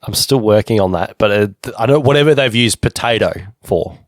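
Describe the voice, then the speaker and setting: A man's voice: on the low side, a little fast, no room sound, studio quality. A man hosting an interview podcast, chatty and jokey, wandering off on tangents. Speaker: podcast host. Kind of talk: casual interview chat.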